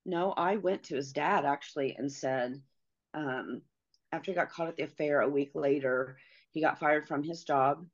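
Middle-aged woman guest, deep-toned and earnest, recounting her story haltingly over a dull, muffled recording. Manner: earnest, halting, many pauses and fillers. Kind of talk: personal storytelling.

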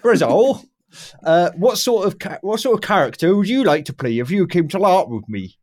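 A man's voice: sits high, big pitch swings, normal speed. A man co-hosting a podcast in casual chat, teasing and laughing, with some swearing. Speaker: podcast co-host.

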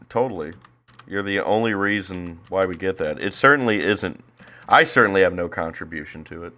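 A man's voice: sits low, pushed and bright. A man co-hosting a podcast, chatting casually and making crude jokes. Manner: crude, joking. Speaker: podcast co-host. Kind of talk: casual chat.

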